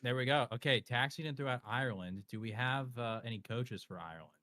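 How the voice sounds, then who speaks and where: A man hosting a casual live stream, tossing out offhand jokes and quick banter with chat and his co-host. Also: medium pitch, sharp tone, no room sound.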